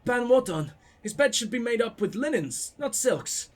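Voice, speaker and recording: A young man with a high voice reads in-game letters aloud as he plays, breaking off now and then for casual, swear-laden comments. His delivery stays loose and conversational. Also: very animated, moderate pace. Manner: casual, profane asides between readings. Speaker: gameplay commentator. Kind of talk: reading in-game letters aloud while playing.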